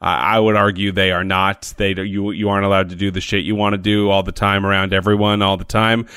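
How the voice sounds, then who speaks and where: A man's voice: sits low, level tone, brisk, a bit bright, smooth, dry recording. A man co-hosting a podcast, giving dry, sardonic commentary and counting off his points. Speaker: podcast co-host. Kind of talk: casual chat.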